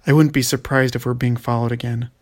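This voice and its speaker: A man's voice: mid-range voice, level tone, fast, a little mellow, natural voice. A man voicing a sly, impatient female elf who lectures her companions.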